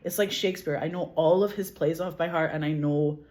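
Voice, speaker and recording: A woman with a Glasgow Scottish accent, chatting casually as an interview guest, animated, laughing often, swearing and saying "like" a lot. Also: low voice, a little fast. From Scotland. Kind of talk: casual chat.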